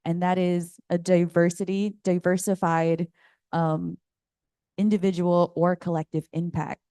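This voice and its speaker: A woman speaks on a conference panel in a low, mellow voice that is smooth and clear. She talks casually, painting pictures to make her point, and sounds dry and close. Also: little pitch movement, a little slow, dry recording. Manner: casual, chatty, explains with images. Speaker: community advocate. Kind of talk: panel discussion remarks. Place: conference room.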